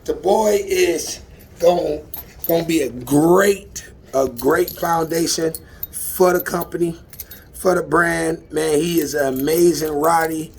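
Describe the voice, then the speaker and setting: Excitable man training his dog. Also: a little high, slow, echoey room, far from the mic. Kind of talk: excited casual vlog while training a dog. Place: outdoors in a dog enclosure.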